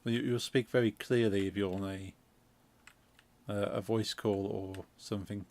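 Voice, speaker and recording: Streaming a game, a Midlands-accented Englishman talks in a lowish, steady, somewhat mellow voice at a moderate pace. His chat is casual, and his explanations wander along full of filler words.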